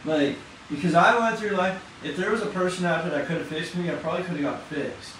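A man preaching an informal sermon in a fast, excited, conversational way, with casual slang. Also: high-pitched. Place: church hall. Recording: echoey room from far off, faint noise.

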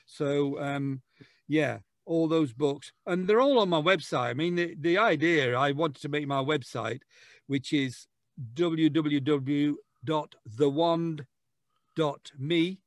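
A man, a guest author chatting on a podcast and telling jokey, lively stories. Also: on the high side, slow, no echo, clean studio sound. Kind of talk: casual podcast chat.

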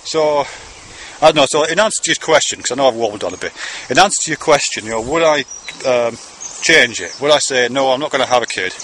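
Man, rambling fatherly monologue, bright tone, faint insects outdoors behind. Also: medium pitch, expressive, brisk, a little hiss or hum. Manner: conversational, meandering, swearing casually. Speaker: father speaking to his son.

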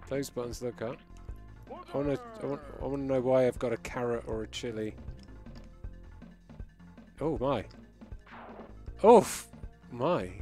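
A man's voice: mid-range voice, dark tone. A man giving live, amused commentary while he plays a retro game and reads chat. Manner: chatty, amused, reacting as he plays. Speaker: game streamer.

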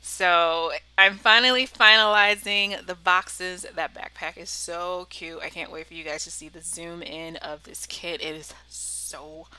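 A woman's voice: on the low side, fairly even intonation, unhurried, hardly any pauses, bright, forceful tone, clear, resonant tone, rough recording. A woman in her thirties chatting casually through a planner voiceover, a bit cracky-voiced, saying y'all and laughing often. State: slightly cracky voice. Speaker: planner vlogger. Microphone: voiceover mic.

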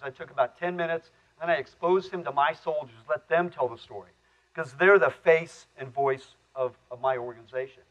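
A plain-spoken middle-aged man tells his stories from a conference stage. His voice sits a touch high, and his folksy delivery is broken up by chuckles at his own tales. The recording is dull and lo-fi. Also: a bit bright. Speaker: conference speaker. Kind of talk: storytelling keynote talk.

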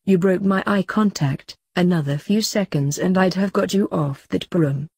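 A woman voicing a cold, smug male villain teacher who mocks calmly. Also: fairly low pitch, moderate pace, breathy edge, no echo. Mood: coolly smug. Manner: calm, coolly mocking.

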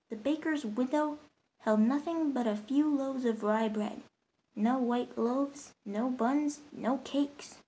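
Woman, storyteller, storybook narration, high-pitched, gentle, steady. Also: poor audio.

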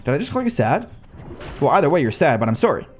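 A young man giving excited live commentary on his own gameplay, talking to his cards and his viewers and calling himself a nub. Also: fairly high pitch, quick pace. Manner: excitable, talks to the cards and the viewers, self-mocking. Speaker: gaming YouTuber. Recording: faint music bed behind the voice.

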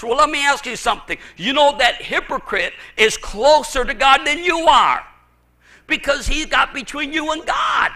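A man preaching a fervent sermon as pastor, emphatic and sometimes shouting, often stammering and repeating words as he drives a point home. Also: very high voice, expressive, normal speed.

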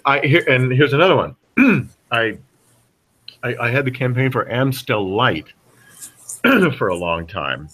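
A middle-aged man, a voice actor guest on a podcast, telling animated stories with a lot of halting restarts. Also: medium pitch, breathy edge. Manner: animated storyteller with many restarts. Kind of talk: casual podcast interview.

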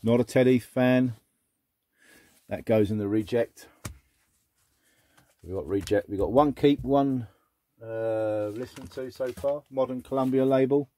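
A middle-aged man chatting casually as he sorts through a box of old records, muttering asides and breaking into excited exclamations. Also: mid-range voice, a little slow, pauses often. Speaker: record collector vlogger. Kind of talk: casual unboxing chat.

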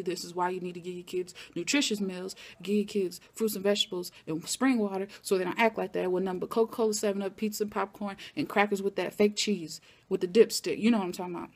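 Animated woman recapping a TV episode. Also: medium pitch, quick pace, hardly any pauses. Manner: animated, talks back at the characters. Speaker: TV recap vlogger.

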